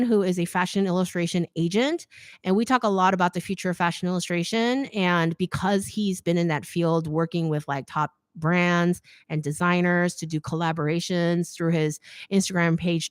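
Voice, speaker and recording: A middle-aged woman hosting a casual livestream Q&A, reading comments aloud, chatty and quick to laugh, saying "like" a lot. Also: on the low side, no room sound, clean studio sound. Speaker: fashion YouTuber hosting a live Q&A.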